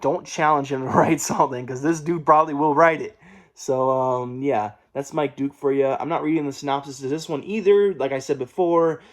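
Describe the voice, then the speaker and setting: A man's voice: a little high, normal speed. A young man talking casually about his new books, rambling with many fillers and restarts, and a mild stutter. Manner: rambling, with fillers and self-corrections. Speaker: book vlogger.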